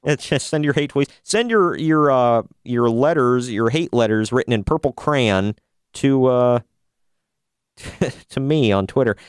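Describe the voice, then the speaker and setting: A man's voice: medium pitch, measured pace, clean tone, dry recording, clean studio sound. A man hosting a casual wrestling news podcast, wry and opinionated, often laughing at his own jokes. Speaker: podcast host.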